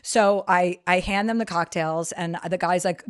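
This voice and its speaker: A woman's voice: on the low side, fairly even intonation, moderate pace, few pauses, smooth. A woman telling a funny personal story as a podcast guest, frank and crude with self-mocking asides. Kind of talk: storytelling anecdote.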